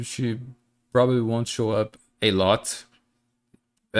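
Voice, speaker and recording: A man streaming as he reads manga, chatty and excitable, often stumbling and restarting sentences. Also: fairly low pitch, clean tone. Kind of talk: live stream manga reading.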